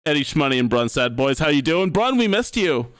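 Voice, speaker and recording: A young man hosting a podcast, his slightly high voice bouncing animatedly in pitch. He jokes with mock-formal asides, and the sound is dry and close. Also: sing-song, a little fast, smooth, no room sound. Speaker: podcast host. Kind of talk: casual chat.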